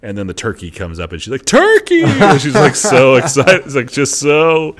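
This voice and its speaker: A man's voice: mid-range voice, very animated, normal speed, a bit bright. A young man co-hosting a podcast, chatting casually and rambling, laughing often as he tells stories. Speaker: podcast co-host. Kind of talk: casual chat.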